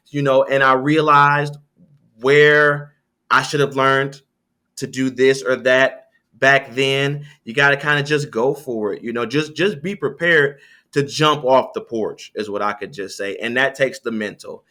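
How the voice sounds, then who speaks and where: A man talking as an interview guest, telling sales stories in a lively, conversational way. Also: mid-range voice. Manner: storytelling, animated, with quoted voices.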